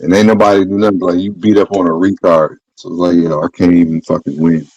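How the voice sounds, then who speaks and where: A man with a very deep, low voice chats loosely and profanely with a co-host, full of slang and swearing. His voice sounds dry and close, with hardly any room around it. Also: level tone, quick pace, a little mellow, breathy edge, no echo, highs cut off. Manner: laid-back, profane, slangy. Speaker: podcast host. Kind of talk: casual chat.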